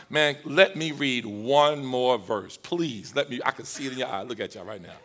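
A man's voice: medium pitch, expressive, normal speed, few pauses, pushed and bright. A male pastor preaching a sermon, leading call-and-response and joking with the congregation.

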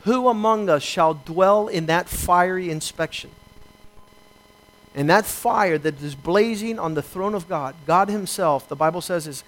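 A man pastor preaching a sermon, reading scripture and acting out short exchanges with emphatic slowdowns. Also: sits high, a bit bright, rough recording.

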